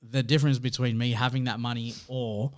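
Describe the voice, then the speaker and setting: Laid-back Australian podcast co-host. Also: male voice, medium pitch, little pitch movement, a little fast, no echo, studio quality. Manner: laid-back, filler-heavy, reassuring. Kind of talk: casual podcast chat.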